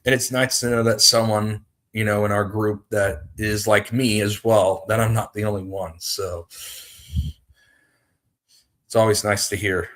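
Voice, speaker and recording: Slow-talking man hosting a livestream. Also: fairly low pitch, flat delivery, a bit bright. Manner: rambling, greets viewers. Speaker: livestream host. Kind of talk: casual livestream chat.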